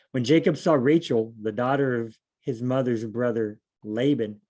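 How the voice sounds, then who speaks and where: A man leading a casual Bible study, reading verses aloud and explaining them in a chatty, animated way. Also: mid-range voice, measured pace.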